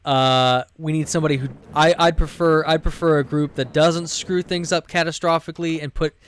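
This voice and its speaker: A man's voice: fairly high pitch, steady tone, fairly quick, slight background noise, close to an everyday voice. A man voicing a cocky teenage thieves guild leader in a retold tabletop game, brusque and profane, close to his own voice.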